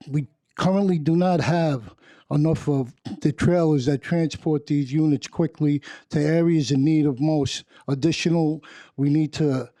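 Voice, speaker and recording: A man's voice: fairly high pitch, mellow, no room sound. A man representing a sanitation workers' union, reading testimony to a council hearing, stumbling and restarting phrases.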